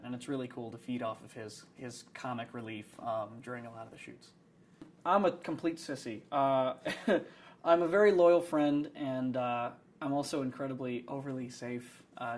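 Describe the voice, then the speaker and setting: A young man, an actor, chats in a behind-the-scenes interview. He rambles and hedges with plenty of fillers, poking fun at himself. His voice sits at an ordinary middle pitch. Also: normal speed, a little hiss or hum. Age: young adult. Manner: rambling, self-deprecating, many fillers.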